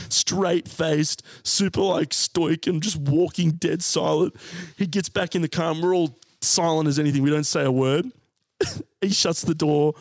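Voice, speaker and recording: Australian man, twenties, high-ish voice, animated storyteller, dry close sound. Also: vocal fry, dry recording. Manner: animated, laughing, swearing. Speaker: podcast co-host. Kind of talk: comic storytelling.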